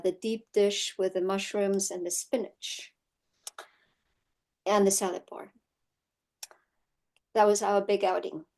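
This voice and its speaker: Woman from Germany, horsemanship teacher, unhurried reflective delivery, mid-range voice, frequent "right?" tags. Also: mid-range voice, rough recording. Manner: reflective, often adds "right?" as a check-in. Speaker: horsemanship course instructor. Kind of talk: teaching session with personal storytelling.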